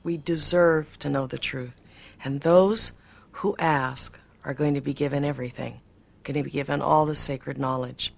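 A woman's voice: low voice, fairly even intonation, normal speed, creaky. A woman in an archival interview, earnestly recounting a personal experience.

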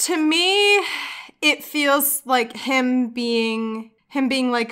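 Woman podcast host, bright and sharp tone, emphatic casual talker. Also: high voice, drawn-out words. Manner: animated, emphatic, reads quotes aloud with feeling. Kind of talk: casual chat, book discussion.

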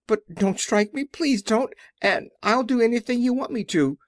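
A man's voice: on the high side, very animated, normal speed, dry recording, clean studio sound, voice pushed up. Brief: timid old humbug, meek and shaky, as a male narrator puts him on. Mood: meek pleading. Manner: trembling, meek, pleading. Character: timid little old man, a fake wizard, meek and pleading.

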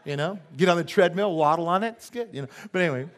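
A man preaching a sermon in church, animated and joking, often asking the congregation for an amen and tossing in silly voices and sound effects. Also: on the high side, fast talker. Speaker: pastor. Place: church sanctuary.

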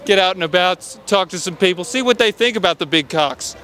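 A man's voice: high-pitched, lively intonation, brisk, a bit bright. A man doing a brash, playful impression of a boastful American footballer with a put-on American accent, outdoors at a busy football venue. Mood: cocky. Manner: brash, self-promoting, playful. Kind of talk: street prank comedy. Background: music.

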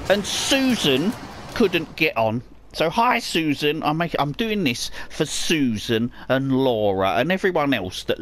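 Male let's-player, foul-mouthed and excitable, gravelly, lively pitch. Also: slight background noise. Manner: sweary, excitable, mutters to himself. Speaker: gamer. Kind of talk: profane let's play commentary.

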